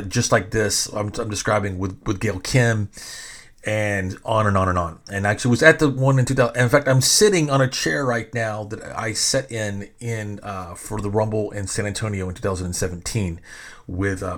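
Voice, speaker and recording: A man's voice: fairly low pitch, fairly bright tone. Rambling, profane middle-aged male podcast host. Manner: rambling, profane, self-interrupting. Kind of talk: casual storytelling.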